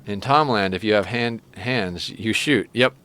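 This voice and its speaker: A man's voice: on the low side, unhurried, a bit bright, a little hiss or hum. A man streaming a game, chatting casually and joking with his viewers. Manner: chatty, joking, talks to chat and his cat. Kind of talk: casual live-stream chat while playing.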